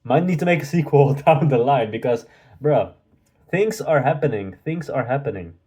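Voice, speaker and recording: Male reaction host, mellow tone, excitable slangy delivery, dull lo-fi recording. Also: medium pitch, moderate pace, slightly rough. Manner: excitable, slangy, reads manga lines aloud. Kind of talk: live manga reading reaction.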